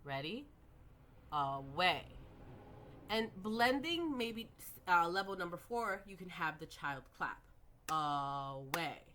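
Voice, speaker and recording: Bright-voiced woman teaching early reading. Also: lowish voice. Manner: patient, slow modelling of sounds. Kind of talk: instructional lecture.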